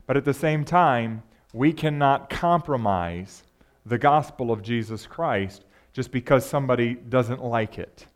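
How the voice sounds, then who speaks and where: The pastor's mid-range male voice carries lively intonation while moving a little slowly. He preaches in a chatty style, often putting rhetorical questions to his listeners.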